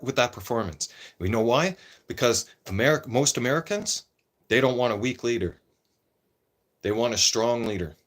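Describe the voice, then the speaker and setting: A man's voice: mid-range voice, a bit bright. A man ranting casually and opinionatedly to camera, rambling and repeating himself and tagging lines with "right?". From Canada. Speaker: vlogger. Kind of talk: casual political rant.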